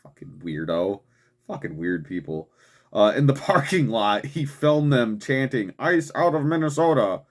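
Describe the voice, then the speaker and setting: A young man hosting a political commentary show rants angrily, swearing constantly and peppering his speech with "man" and "dude." His mid-range voice has lively intonation and moves a little slowly.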